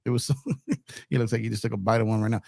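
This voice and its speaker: A man's voice: fairly low pitch, level tone, racing, gravelly, a little mellow, no room sound. A man co-hosting a podcast in casual chat, laid-back and joking with slang.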